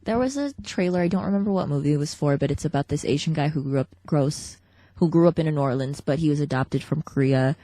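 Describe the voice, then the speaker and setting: A woman's voice: deep voice, fast, warm tone, no echo. A young woman co-hosting a podcast, chatting casually with wry asides and swearing freely. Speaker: podcast co-host. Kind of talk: casual chat.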